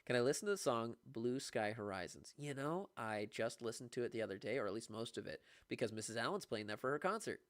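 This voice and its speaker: A young man, a music teacher, chats casually with viewers on a livestream. He is excitable and quick to laugh. His voice sits in a mid range and sounds dry and close. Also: mid-range voice, no echo. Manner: chatty, laughing, excitable about gifts. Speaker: music teacher streaming live.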